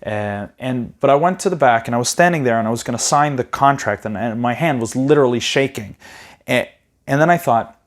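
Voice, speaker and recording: A man, a property investing educator, telling his personal story in a conversational way, full of "you know" and quick restarts, livening up when he retells conversations. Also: medium pitch.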